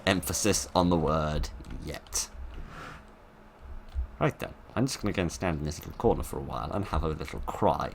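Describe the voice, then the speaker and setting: A man with a very low, deep voice talks through a horror game in a wry, playful way, full of rambling jokes and asides. A steady hiss of background noise sits under his voice. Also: moderate pace, creaky. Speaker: gaming video host. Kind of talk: let's play commentary.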